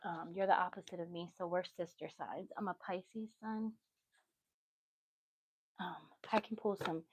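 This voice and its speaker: A woman's voice: lowish voice, fairly even intonation, measured pace, husky, no room sound, low-quality recording. A woman giving a casual tarot reading on a livestream, chatty and easily sidetracked, with motherly asides. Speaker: tarot reader.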